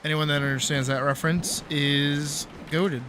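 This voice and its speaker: During a casual gaming livestream, a man rambles playfully and swears now and then. His voice is on the high side, fairly even in intonation, pushed and bright, at a normal speed, with a little hiss or hum in the audio.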